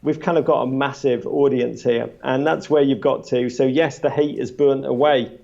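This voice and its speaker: Gravelly man telling animated stories. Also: mid-range voice, moderate pace, highs cut off. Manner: animated anecdotes, many restarts. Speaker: podcast guest and author. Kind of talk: live panel storytelling.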